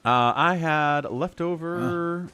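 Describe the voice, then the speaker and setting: A man's voice: fairly high pitch, slow, pushed and bright, clean tone, soft background music. A man streaming a role-playing game, chatting casually and reading the game text aloud. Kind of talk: casual gameplay commentary.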